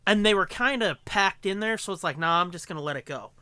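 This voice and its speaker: A man co-hosting a podcast, telling a story in casual chat, animated and profane, acting out quotes. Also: sits high, fast talker, clean tone, no room sound. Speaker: podcast co-host.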